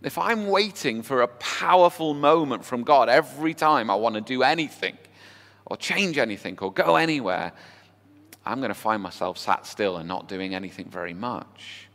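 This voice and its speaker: A man's voice: medium pitch, expressive, normal speed, fairly bright tone. A man preaching a sermon, talking in a conversational way and asking the congregation rhetorical questions. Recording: long hall reverb with faint music.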